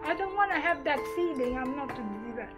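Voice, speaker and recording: Lively older woman telling her story. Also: high voice, a little fast, over loud music, rough recording. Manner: lively, laughs while telling stories. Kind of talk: personal storytelling.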